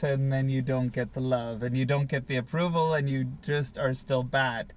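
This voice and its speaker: A man's voice: medium pitch, fairly even intonation, normal speed, hardly any pauses. A man in a candid couple conversation, thinking aloud in a reflective, searching way. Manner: reflective, searching, many fillers. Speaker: co-host.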